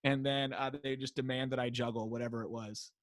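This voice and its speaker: Animated American man telling stories. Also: medium pitch, fairly quick, no room sound. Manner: animated storyteller, acts out kids chanting. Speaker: high school teacher and guest. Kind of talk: casual interview storytelling. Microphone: wearing a mic.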